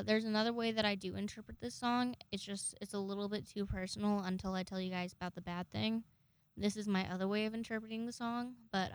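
A woman's voice: medium pitch, smooth, no room sound. A young woman in her twenties, telling a story in a casual vlog, chatty, swearing a lot and restarting her sentences.

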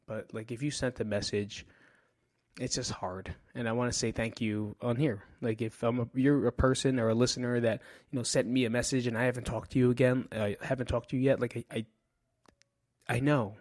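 A man talks alone on his podcast in a loose, rambling way, cursing freely and speaking frankly. His voice sits at an ordinary pitch for a man. The recording is dry, with no room sound. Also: steady tone, normal speed, a little mellow, no room sound. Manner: rambling, profane, candid. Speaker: podcast host. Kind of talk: casual solo podcast monologue.

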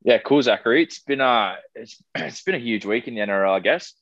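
A young man with an Australian accent co-hosting a casual podcast, chatty and relaxed. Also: medium pitch, a little fast, noisy background. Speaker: podcast co-host. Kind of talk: casual chat. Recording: dry, dull lo-fi sound.

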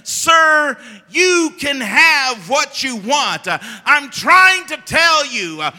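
A patient but firm teacher as a man preacher puts him on presses his point with emphasis. The voice is very high and bright, and it rings out into a long hall reverb. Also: very animated, takes it slowly, full character voice.

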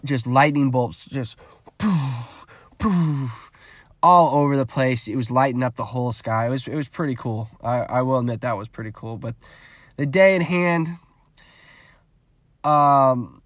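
A man's voice: mid-range voice, normal speed, no echo. Casual vlogger, young man, profane storyteller, dry close recording. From California. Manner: rambling, profane, animated retelling with quoted dialogue.

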